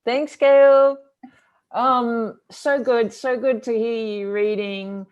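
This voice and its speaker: A woman hosting an online arts talk, casual and halting with many fillers. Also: on the high side, steady tone, a little mellow, lo-fi sound. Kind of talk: casual live-stream hosting.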